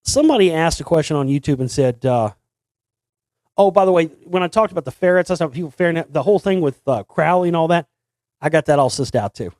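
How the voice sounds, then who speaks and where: Rambling man talking, slightly high. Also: lively intonation, fast, darkish tone, no echo. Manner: rambling, many restarts, sings snippets. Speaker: host. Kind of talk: casual monologue.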